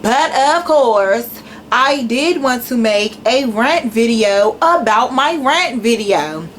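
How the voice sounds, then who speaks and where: Young woman, Washington D.C. accent, slangy and profane, blunt camera rant, a bit high-pitched, faint room hum. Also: expressive, slow pace, low-quality recording. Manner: blunt and profane, with a slangy mixed urban delivery. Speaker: YouTuber.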